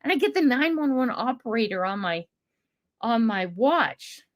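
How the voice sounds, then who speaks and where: A woman's voice: fairly high pitch, sing-song, moderate pace. An older American woman hosting a livestream, chatting casually with viewers and laughing often. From United States. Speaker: livestream host reading chat. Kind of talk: casual chat.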